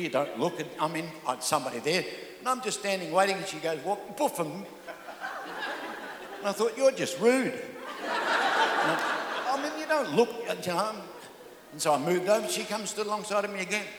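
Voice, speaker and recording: Joking pastor in an echoey hall. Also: male voice, high voice, fairly bright tone, slight background noise. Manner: jokey storytelling, stammering restarts. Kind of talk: humorous sermon.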